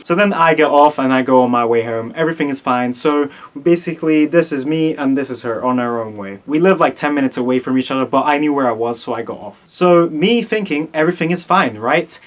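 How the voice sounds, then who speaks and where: A man's voice: medium pitch, brisk, few pauses. A young man from Italy with a slight Italian accent, telling a story to his camera, often breaking into laughter. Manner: giggly, keeps breaking into laughter. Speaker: vlogger.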